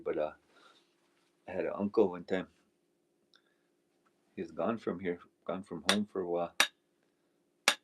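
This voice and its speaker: A man's voice: deep voice, background noise. A man hosting a live stream, chatting casually and telling rambling folksy stories while he works, laughing often. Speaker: livestream host.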